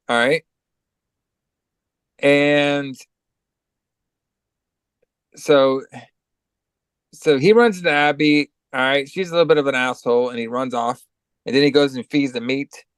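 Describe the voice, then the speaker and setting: A man's voice: fairly high pitch, fairly bright tone, clean tone, no echo. A man with a cold co-hosting a podcast, giving a loose, profane, filler-heavy recap of a movie. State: has a cold. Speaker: podcast co-host.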